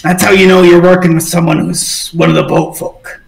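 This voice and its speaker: A man doing a chummy seafaring innkeeper in a tabletop game, coaxing strangers into sailor talk. The voice is gravelly and sits fairly high. It echoes around the room. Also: little pitch movement, moderate pace, distant mic. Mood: approving. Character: male boat-folk innkeeper, chummy, talks in sailor code.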